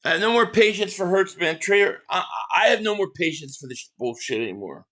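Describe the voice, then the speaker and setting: A man hosting a live game reaction stream, ranting in frustration, stammering and shouting at plays. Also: high voice, lively intonation, brisk.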